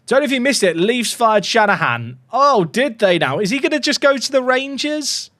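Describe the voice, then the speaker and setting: A man's voice: extremely high pitch, sing-song, normal speed, sharp tone, dry recording. A man casually commentating on his football management game, chatty and full of joking asides to his viewers. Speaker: gaming YouTuber.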